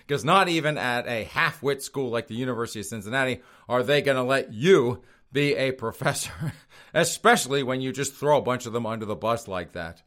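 A man's voice: medium pitch, normal speed, a bit bright. Sneering, laughing male podcast host. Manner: sneering, laughs at his own jabs. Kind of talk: mocking commentary. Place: studio outside Boston.

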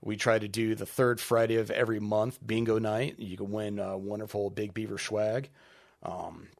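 A man who owns a brewery, talking casually as a podcast guest, relaxed and rambling with lots of filler ums. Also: fairly low pitch, moderate pace, gravelly. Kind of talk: casual interview chat.

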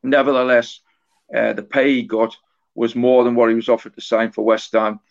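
A man in his forties, an author talking as a guest in an interview, telling a story in a halting way that often repeats words and restarts. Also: medium pitch, little pitch movement, creaky. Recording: dull lo-fi recording.

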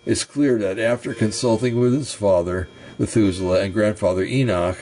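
A man teaching from ancient texts, reading passages slowly and breaking off for casual comments and throat-clearing. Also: lowish voice, darkish tone, slight background noise. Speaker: bible teacher. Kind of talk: reading scripture and commentary, informal asides.

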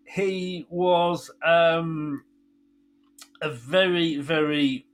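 A man's voice: on the high side, steady tone, extremely slow, faint music behind. A middle-aged man hosting a radio show, chatting with a caller and laughing through his stories. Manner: chatty storyteller, laughs often. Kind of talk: casual chat with a caller.

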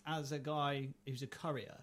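A man's voice: a little high, level tone, normal speed, fairly bright tone. A man telling a rambling anecdote on a podcast, swearing freely and laughing as he goes. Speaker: podcast co-host. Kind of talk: casual chat, storytelling.

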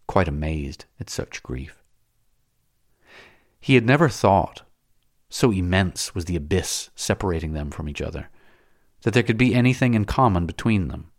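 A man reading a classic novel aloud as an audiobook narrator, in a measured, dramatic way. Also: low-pitched, no echo, clean studio sound.

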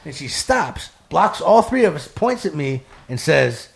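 A man casually telling his life story, animated and profane, acting out the voices of people he met. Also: on the high side, normal speed, creaky, hardly any pauses.

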